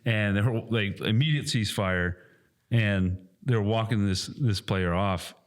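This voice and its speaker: A man in his thirties, co-hosting a casual podcast, telling an animated story, swearing often and acting out quotes loudly. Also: lowish voice, a little slow. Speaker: podcast co-host and airsoft field staff.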